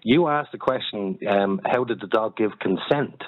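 A man's voice: fairly low pitch, normal speed, dry recording, phone-quality sound. A man speaking as a radio panelist, argumentative and fond of making his points with questions. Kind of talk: talk radio discussion.

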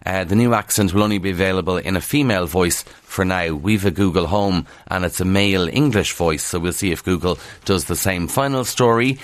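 Radio presenter, Irish man with a Kildare accent, low voice, dry close studio sound, wry and chatty. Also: brisk, few pauses, dry recording. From Kildare, Ireland. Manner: wry, chatty, skeptical asides. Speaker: radio newspaper review presenter. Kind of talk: casual radio news review.

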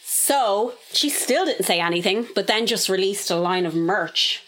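A woman co-hosting a podcast, telling a gossip story in an animated, swearing, casual way. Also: medium pitch, measured pace. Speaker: podcast co-host. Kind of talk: casual chat.

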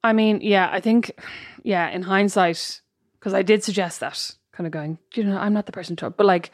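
A woman's voice: mid-range voice, dry recording, studio quality. A woman co-hosting a podcast, talking casually and bluntly and teasing her co-host. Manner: fast, blunt, teasing talker. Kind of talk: casual chat.

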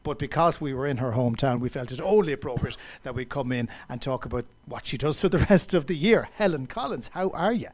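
An Irish man hosting a radio business interview, quick and jokey with his guests. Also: mid-range voice, animated. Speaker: radio business show host.

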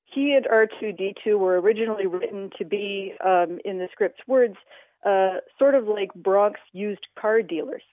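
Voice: mid-range voice, normal speed, no echo. An interview guest explaining language history in a radio interview, talking with many filler sounds. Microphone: telephone. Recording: tinny phone line, dry.

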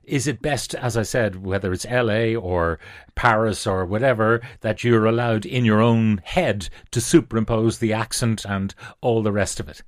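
A man hosting a radio book club, talking in a measured, halting way with many pauses. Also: lowish voice, no echo, studio quality. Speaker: radio show host. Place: radio studio.

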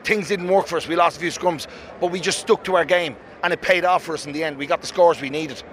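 A middle-aged man with a Dublin Irish accent, a rugby fan talking excitedly and emphatically in a street interview outdoors in a city. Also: a little high, fast. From Ireland. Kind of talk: street vox-pop interview.

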